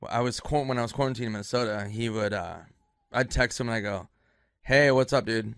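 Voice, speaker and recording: A man's voice: on the low side, steady tone, fast, clean tone, dry recording, clean studio sound. A man who is a stand-up comedian, rambling through a casual anecdote and swearing freely. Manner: rambling anecdote, swears freely, trails into soft sad tones. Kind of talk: casual storytelling chat.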